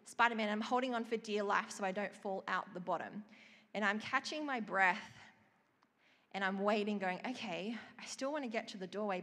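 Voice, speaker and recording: A woman preaching a sermon, telling of a vision in an expressive storytelling way and reading scripture. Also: medium pitch, big-room sound.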